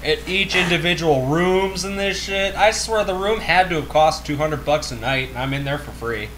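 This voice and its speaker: A man's voice: a little high, moderate pace, a bit bright, slight background noise. A man co-hosting a casual chat, blunt and profane, chuckling as he talks. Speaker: co-host.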